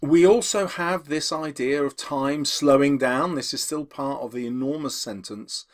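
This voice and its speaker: A man teaching English, explaining poetry analysis to students and slowing down to read quotations. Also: medium pitch. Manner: lively, emphatic, slows down to read quotations.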